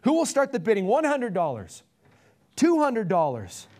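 A man's voice: high-pitched, huge pitch swings, normal speed, pitched above the performer's own voice. A man voicing an insistent male auctioneer who keeps calling for bids in a raised, pressing voice. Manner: loud, pressing.

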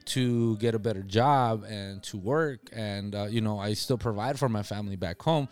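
A man's voice: lowish voice, normal speed, smooth. A man hosting a podcast in casual chat, laid-back and mixing in Spanish, his voice slightly worn from the early morning. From grew up abroad, left family back home. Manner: laid-back, switches into Spanish, hype sign-off energy. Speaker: podcast host.

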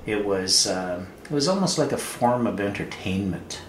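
An older man from Canada telling an amused, halting anecdote about his late father. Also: lowish voice, lively intonation. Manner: unhurried, halting, amused storytelling. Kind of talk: anecdotal storytelling. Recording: roomy with faint noise.

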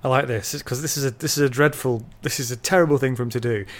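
A man's voice: mid-range voice, steady tone, quick pace. A man with a mid-range voice retelling scenes from a book on a podcast. He is chatty and informal, with plenty of fillers and a loose, conversational flow. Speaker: podcast co-host discussing a novel. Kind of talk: casual book discussion.

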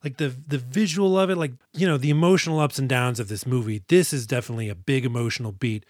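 A male podcast co-host recaps a movie in an animated, joking way and swears freely. His voice sits mid-range. The recording is dry and close. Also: mid-range voice, fast, no room sound. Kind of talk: casual movie review chat.

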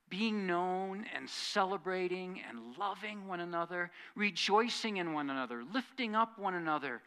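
A man delivering an earnest sermon from the pulpit. His voice sits a little high, with a bright, forceful edge. He pushes key lines out loudly, then drops to soft, quiet asides. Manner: earnest preaching that swings from loud emphasis to quiet asides. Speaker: pastor.

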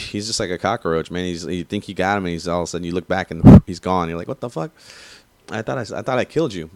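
A deep-voiced man in his thirties holds forth in a loose, rambling monologue. He swears freely, stacks restarts and fillers, and climbs in heat when something gets under his skin. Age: 30s. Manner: profane, rambling, animated when riled. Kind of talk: casual rant.

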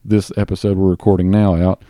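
A man with a Southern US accent hosting a podcast in casual chat, rambling with fillers and restarts and talking a bit fast. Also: deep voice, level tone, warm tone, dry recording, clean studio sound. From Southern US (Tennessee). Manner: talks a bit fast on mic. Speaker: podcast host.

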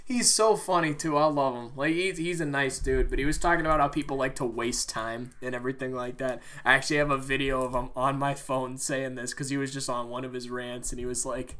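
A man's voice: medium pitch, brisk, a bit bright. A man hosting a podcast, telling a rambling story with lots of fillers and swearing. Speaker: podcast host. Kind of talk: casual storytelling monologue.

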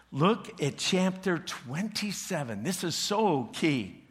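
A male pastor preaching a sermon, retelling a story with animated delivery and humorous asides. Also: on the high side, slow, breathy edge. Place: church.

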